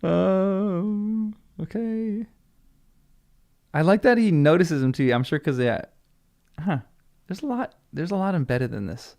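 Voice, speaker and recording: Chatty, gravelly American man reading. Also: sits high, lively intonation, slow, pauses often. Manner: chatty, laughs often, muses out loud. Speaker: channel host reading a book. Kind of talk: read-along with casual commentary.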